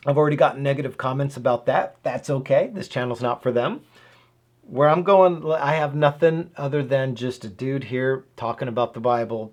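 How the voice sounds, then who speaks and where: A man talks through scripture in a relaxed, conversational way, sipping whiskey as he goes. He is earnest and emphatic, and he keeps checking in with the listener through rhetorical questions and a quick "right?". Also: medium pitch. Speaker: host of a Bible and whiskey channel. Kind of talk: casual Bible teaching to camera.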